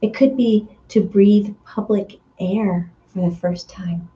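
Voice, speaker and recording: A woman medium gives a spiritual energy reading, speaking slowly and steadily in a dreamy, searching manner full of fillers, occasionally acting out voices in sudden high bursts. The highs are cut off in the audio.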